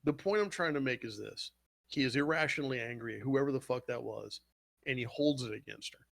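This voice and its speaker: Guy hosting a chill podcast, gets loud and animated, swears a lot, mid pitch. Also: fairly quick, gravelly. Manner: animated, swearing, retells scenes with quoted voices. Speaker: podcast host. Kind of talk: casual chat.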